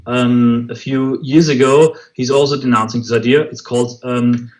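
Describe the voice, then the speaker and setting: A man answering interview questions haltingly, searching for words and restarting often. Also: mid-range voice, steady tone, low-quality recording. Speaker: interview guest, movement spokesman.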